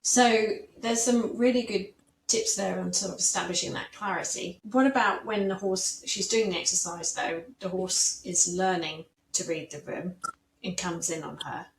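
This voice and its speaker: A woman with a fairly low voice hosts a podcast, asking friendly questions. Her voice rings in an echoey room with faint background noise. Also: steady tone, moderate pace, gravelly. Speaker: podcast host. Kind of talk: interview hosting.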